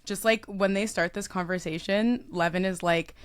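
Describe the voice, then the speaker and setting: Animated woman podcast co-host. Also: on the low side, moderate pace, clear, resonant tone. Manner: animated, acts out characters' lines; frequent "like" fillers. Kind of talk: casual book-club chat.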